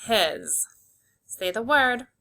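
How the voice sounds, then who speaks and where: Woman teacher doing phonics for little kids, slow and clear, bright lively voice, sounds words out. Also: a little high. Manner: encouraging, gives simple instructions. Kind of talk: phonics lesson for young children.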